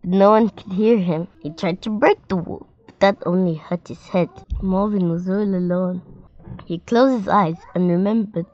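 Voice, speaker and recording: A woman reading a picture book aloud to children in a clear storytime manner. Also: medium pitch, moderate pace, lo-fi sound.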